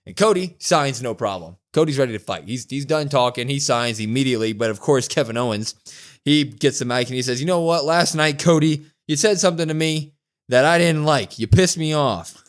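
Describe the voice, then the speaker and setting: A young man co-hosting a podcast, casually recapping a wrestling show and acting out the quotes in a louder voice. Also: medium pitch. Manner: animated retelling, acting out quotes with a raised voice. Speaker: podcast co-host.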